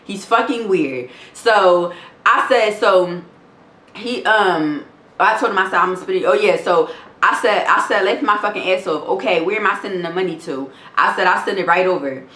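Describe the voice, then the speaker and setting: A woman's voice: medium pitch, normal speed, a bit bright. A young woman telling a storytime vlog, reading text messages aloud in a blunt, profane, indignant way. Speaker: vlogger. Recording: roomy echo.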